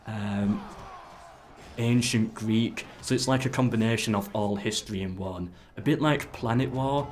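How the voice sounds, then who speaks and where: A man casually commenting while playing a strategy game live, ordering his troops and chatting with viewers. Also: on the low side. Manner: chatty, gives orders to troops, talks to chat. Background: game music.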